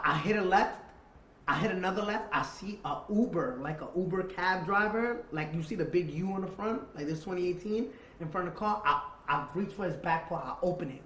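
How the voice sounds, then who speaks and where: A fairly high-voiced man, animated, acting out the voices in his story as he tells it. He swears freely and talks in a street-casual way. The room sounds echoey, with a faint hum of ambience behind him. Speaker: interview guest. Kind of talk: storytelling in a sit-down interview.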